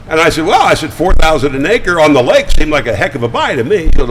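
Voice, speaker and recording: An older man talking as a guest, spinning chatty, animated anecdotes with frequent stammered restarts. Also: a little high, fast, few pauses, slight background noise, low-quality recording. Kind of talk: casual storytelling. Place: studio.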